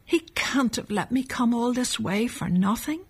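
A woman voicing a frightened young boy in a storybook reading, with a breathy, pleading voice. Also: a little high, animated, normal speed, voice pushed up, heavily acted. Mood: hopeful. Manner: pleading, tearful.

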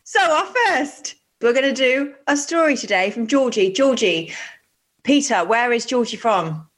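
Woman co-host, higher voice, very animated, gushing and sweary. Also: a little slow. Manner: excitable, gushing, swears freely. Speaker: podcast co-host. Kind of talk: casual podcast chat.

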